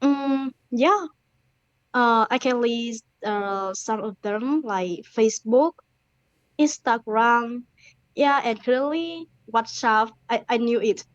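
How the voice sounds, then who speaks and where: A woman's voice: on the high side, takes it slowly. A woman who is a native Thai speaker, with a Thai accent, answering test questions in a hesitant, careful, choppy way. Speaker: test candidate. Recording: dull, dry recording.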